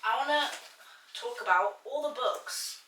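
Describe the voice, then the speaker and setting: A woman's voice: a little high, lively intonation, measured pace, pushed and bright, a little hiss or hum. A young woman chatting casually in a reading vlog, gushing, with lots of filler words. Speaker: book vlogger.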